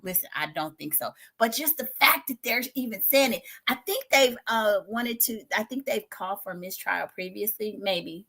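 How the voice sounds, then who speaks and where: A middle-aged woman hosting a home livestream, commenting dramatically with loud exclamations and laughter, then dropping to a hush. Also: mid-range voice, lively intonation, normal speed, vocal fry, hardly any pauses. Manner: dramatic, exclaims and laughs loudly, swings from shouting to hushed. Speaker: livestream host covering a trial. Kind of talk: excitable live commentary. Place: home studio in a spare bedroom.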